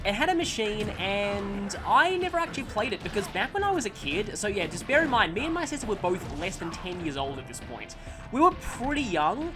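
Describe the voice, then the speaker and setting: A man's voice: sits high, very animated, brisk. A man casually commenting on a video game he is playing, telling a rambling, self-deprecating childhood story and breaking off to react to the action. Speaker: gaming channel host. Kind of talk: let's play commentary with storytelling. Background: game music.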